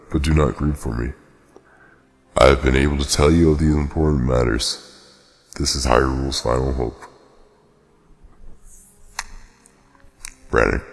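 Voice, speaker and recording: A man voicing an ancient, dying male tree spirit in a game, reading slow and archaic lines with solemn weight. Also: very deep voice, creaky, in a large hall, pitched below the performer's own voice. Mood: grave.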